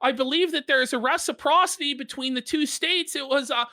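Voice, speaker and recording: Woman playing a flustered man, stammering, apologetic, high bright voice. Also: fairly quick.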